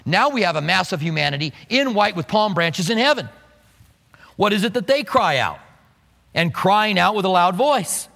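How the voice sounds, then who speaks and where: A man preaching a sermon, animated and playful, acting out quotes with humor. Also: high-pitched, big-room sound. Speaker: pastor.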